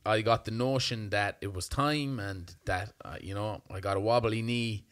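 A young Irish man co-hosting a podcast, telling an animated, self-mocking story in casual chat. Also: fairly low pitch, moderate pace. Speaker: podcast co-host.

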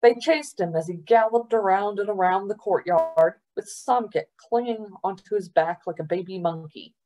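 A woman storyteller reading a novel aloud for a library program, unhurried and expressive. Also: mid-range voice.

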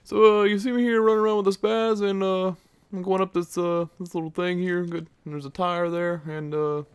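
A bored gamer commentator drones along at a thin, squeaky pitch, as a young man parodies him. He stalls on every other word, dragging out his "uh"s over footage he can barely describe. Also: flat delivery, clear, resonant tone, lightly acted. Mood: droning. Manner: slow, halting, filler-laden narration. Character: dull young male gameplay commentator, droning.

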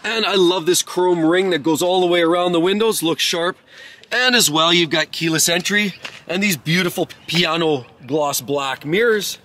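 Bright, effusive man reviewing cars. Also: on the high side. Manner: effusive, praising every detail. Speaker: car reviewer. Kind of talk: enthusiastic car walkaround. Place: outdoors beside parked cars.

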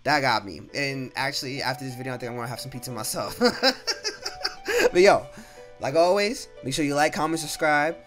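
A young man giving casual commentary while playing a horror game, reacting loudly and saying "bro" a lot. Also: medium pitch, quick pace. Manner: casual, reactive, swears, says "bro" often. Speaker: gaming YouTuber. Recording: game music behind voice.

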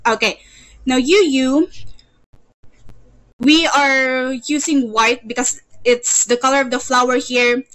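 A woman's voice: high voice, steady tone, slow, pauses often, a bit bright, poor audio. A woman teaching an online English lesson, patient, repeating words and stammering "you, you" as she leads drills.

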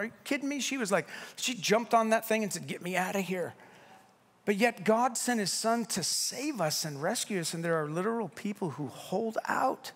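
Speaking at normal speed, a middle-aged pastor with a voice a little high for a man gives a sermon in a church sanctuary at a candlelight service. The delivery is animated, conversational, and playful, full of asides and acted-out quotes, with a long reverb around his words.

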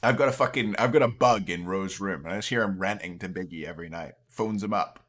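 A man's voice: sits low, fast, a bit bright. A young man chatting casually on a late-night stream, a little tipsy, rambling and restarting his sentences. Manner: rambling, trails off, frequent restarts. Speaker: streamer and caster.

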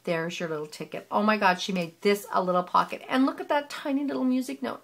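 A woman's voice: medium pitch, fast talker, gravelly, hardly any pauses, a bit bright. A woman gushing in a casual show-and-tell of handmade scrapbook pages, piling on praise and repeating words of delight. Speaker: scrapbooking vlogger.

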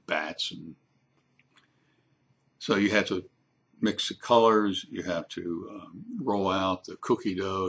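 Older man, low gravelly husky voice. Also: a bit bright. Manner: unhurried, with frequent ums and restarts. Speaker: grandfather telling a family story. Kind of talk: casual spoken storytelling.

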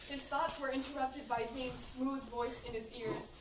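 A woman's voice: sits high, steady tone, normal speed, few pauses, far from the mic. A young woman reading her fan fiction aloud at a party in an amused, informal way. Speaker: reader. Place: room at a birthday party. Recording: echoey room from afar, faint noise.

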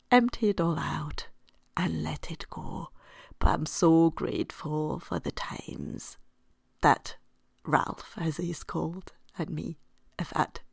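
A woman with a French accent hosting a podcast and giving a playful French language tip, often dropping to a soft near-whisper. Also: lowish voice, gravelly, no room sound, clean studio sound. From France. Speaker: podcast host and French teacher.

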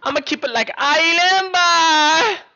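A man doing a high, sing-song meme chant. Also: slow, pushed and bright, lo-fi sound, exaggerated voice. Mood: mocking.

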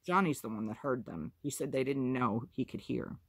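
A woman's voice: very deep voice, lively intonation, moderate pace, slightly rough, no room sound, exaggerated voice. A woman reading aloud who voices a scrappy, defiant little boy. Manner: defiant, proud.

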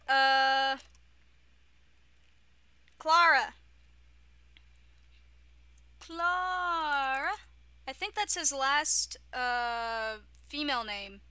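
Her voice is high-pitched, bright and forceful, recorded with no room sound at all. She's a young gaming YouTuber doing casual let's-play commentary on her own playthrough, giggling and chanting silly catchphrases along the way.

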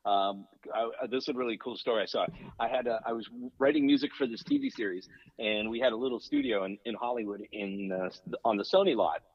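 Man, voice actor, husky voice, muffled phone line, animated storyteller. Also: fairly low pitch, fast talker, dry recording. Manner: animated, slips in and out of impressions. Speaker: guest voice actor and impressionist. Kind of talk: casual storytelling on a radio call-in.

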